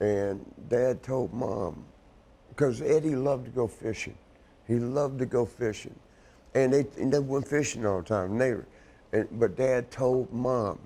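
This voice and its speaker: A man's voice: medium pitch, measured pace, dark tone. A man, telling a painful family story in a rambling, profane way and crying as he talks. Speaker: wrestling show guest. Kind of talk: emotional storytelling chat.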